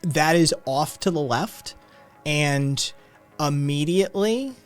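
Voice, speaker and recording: A man narrating a tabletop game as game master, relaxed, with lots of fillers and laughs. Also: fairly high pitch, slow pace, smooth, soft background music.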